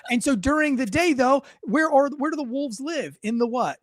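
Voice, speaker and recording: Bluntly and with plenty of profanity, a policeman hosting a podcast steers a casual interview through leading questions and explains things using analogies. His extremely high, animated voice moves at normal speed, captured in a close, dry recording with no echo.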